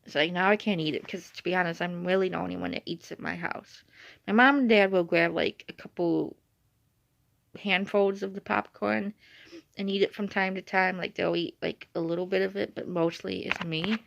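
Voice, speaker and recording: Rambling through a casual story on her vlog, this young woman drops "like" again and again. Her voice sits low, gravelly yet fairly bright, with fairly even intonation and a moderate pace. The phone-recorded audio is dry, dull and lo-fi.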